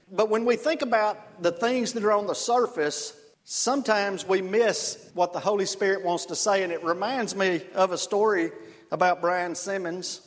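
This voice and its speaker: A man preaching a sermon as pastor, earnest and conversational, telling stories. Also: high voice. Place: church. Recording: long reverb of a church hall.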